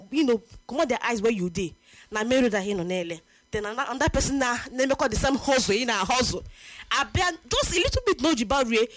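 Animated high-voiced Nigerian woman. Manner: animated, indignant, mixing languages. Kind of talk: casual chat.

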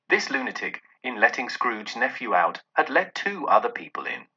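A man reads a classic story aloud, voicing every exchange of dialogue with plenty of rise and fall. His voice is very bright but husky. The recording sounds dull and lo-fi. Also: mid-range voice, normal speed. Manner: lively expressive reading with voiced dialogue. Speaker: narrator. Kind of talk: audiobook reading.

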